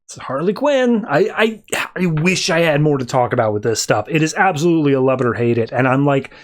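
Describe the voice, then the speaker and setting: Male podcast host, slightly higher voice, rambling casual comic recap. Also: lively intonation, fairly quick. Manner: rambling, voices characters loosely in quotes.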